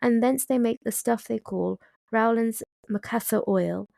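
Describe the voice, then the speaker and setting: A woman voicing an odd, rambling old man in a storybook poem, pitched above her own voice. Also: measured pace, vocal fry, mellow, no echo, studio quality.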